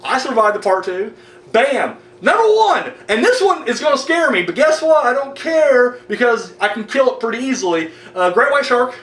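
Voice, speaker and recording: Animated high-voiced man, echoey room. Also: distant mic. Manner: animated, profane, jokey, breaks into quick acted quotes. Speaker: video blogger. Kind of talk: casual rant to camera.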